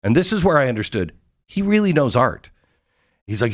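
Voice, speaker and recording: A talk show host telling a story in an excited, emphatic way, with rhetorical questions to the audience. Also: male voice, medium pitch, fairly quick. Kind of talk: monologue recounting a visit.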